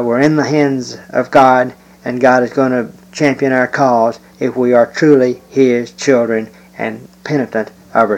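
Measured man teaching a Bible lesson. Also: mid-range voice, darkish tone, low-quality recording. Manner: measured, explanatory, with hesitant fillers.

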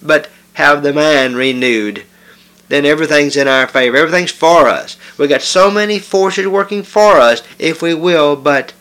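Man, preacher, emphatic sermon, bright forceful tone, hesitant restarts. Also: on the high side, normal speed. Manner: emphatic, repetitive preaching with rising stress on key words.

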